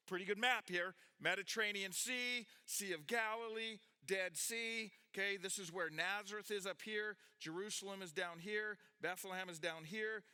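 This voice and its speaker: Man preaching, higher voice, bright tone, animated with restarts. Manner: animated, with restarts, questions to the audience. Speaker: pastor teaching a youth group. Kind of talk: sermon with Bible reading.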